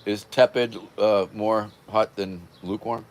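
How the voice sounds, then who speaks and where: A man's voice: on the low side, steady tone, a little slow, very noisy. An older man hosting a casual livestream, rambling loosely and irreverently as he thanks viewers by name. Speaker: livestream host. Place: home, near a porch.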